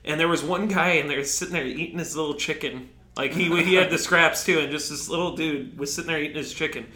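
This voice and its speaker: Animated storyteller man, echoey room. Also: a little high, fast. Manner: animated storyteller, jumps between quiet asides and loud bursts. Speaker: podcast co-host. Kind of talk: casual comedic chat.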